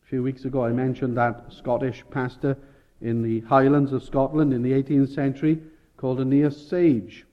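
A man's voice: medium pitch, flat delivery, normal speed, highs cut off. A man preaching a sermon, explaining scripture and rising to emphatic peaks. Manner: expository, rising with emphasis, self-correcting.

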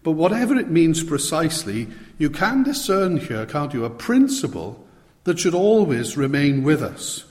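A man preaching a sermon in a slow, deliberate way, often turning to the listeners with rhetorical questions. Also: fairly high pitch, big pitch swings, long reverb tail.

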